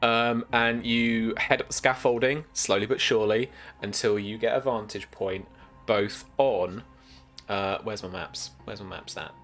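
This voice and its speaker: A man's voice: lowish voice, steady tone, a little slow, a bit bright, soft background music. A British man narrating as game master, rambling with many restarts and fillers.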